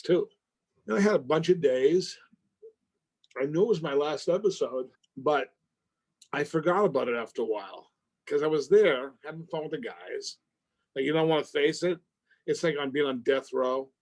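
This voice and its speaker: A gravelly, medium-pitched man, an actor appearing as an interview guest, tells a lively story in conversation. He acts out phone calls, complete with swearing and loud exclamations.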